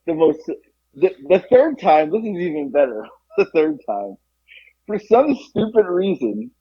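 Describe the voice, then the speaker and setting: A young man co-hosting a podcast, telling a story in a casual, animated way and acting out the quotes. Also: unhurried, husky. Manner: animated, acts out quotes with jumps in pitch. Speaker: podcast co-host. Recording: dull lo-fi, dry.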